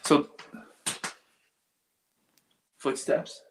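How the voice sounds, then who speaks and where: A man investigating an old building, talking excitedly and rambling with lots of fillers, sometimes dropping to a whisper. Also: takes it slowly, a little hiss or hum. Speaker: paranormal investigator. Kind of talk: live on-location ghost hunt. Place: walking through an old building indoors.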